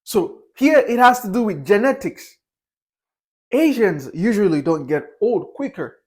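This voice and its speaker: Speaking at a measured pace with lively intonation, this young man, a vlogger with a strikingly high voice, offers his views off the cuff. The casual monologue wanders candidly, full of restarted sentences and fillers like "uh" and "you know."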